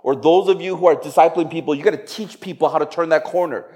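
A man's voice: a little high, fast talker, darkish tone. A man preaching a sermon in a conversational style, asking the congregation rhetorical questions. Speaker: pastor.

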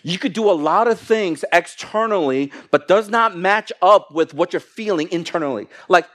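Animated male pastor preaching. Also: high-pitched, normal speed. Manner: animated, acts out little quoted exchanges in shifting voices. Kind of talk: sermon. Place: church.

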